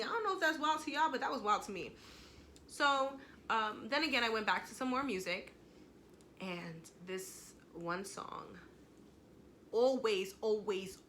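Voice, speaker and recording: A woman's voice: medium pitch, bright, forceful tone, a little hiss or hum. A young woman telling viewers a personal faith story at home, emotional and conversational, speaking to them directly. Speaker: vlogger.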